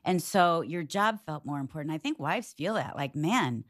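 A woman's voice: deep voice, moderate pace. A woman in her fifties co-hosting a casual chat, telling stories animatedly and acting out other people's voices. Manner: animated storyteller, acts out voices. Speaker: co-host.

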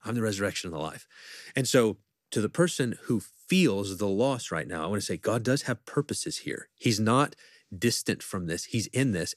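A man's voice: lowish voice, dry recording, studio quality. A man, a professor and podcast guest, talking earnestly and reflectively in an interview and quoting scripture at length. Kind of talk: conversational interview talk.

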